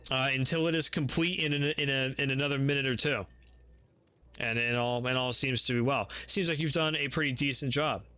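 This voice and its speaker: A man running a tabletop game, chatty and loose, often repeating himself and filling pauses. His voice is bright and forward. The sound is dry and close to the mic. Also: medium pitch, clean tone, no room sound. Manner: casual, loose, with fillers and repeats. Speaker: game master.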